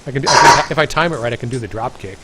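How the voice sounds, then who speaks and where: Excitable male stream host, noisy audio. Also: mid-range voice. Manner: excitable, quick to react and laugh. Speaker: livestream host playing a game. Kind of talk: casual stream commentary.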